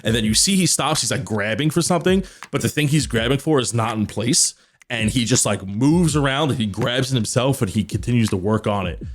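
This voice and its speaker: A man's voice: mid-range voice, animated, a little fast. Casual man narrating a tabletop game. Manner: casual, rambling descriptions with fillers. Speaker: dungeon master.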